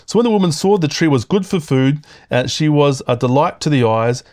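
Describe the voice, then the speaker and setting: A man's voice: a little high, expressive, fairly quick, a little mellow, dry recording. Dry-sounding preacher man, conversational. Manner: conversational teaching, often checking in with "okay?"; reads scripture aloud and chuckles between points. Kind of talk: sermon.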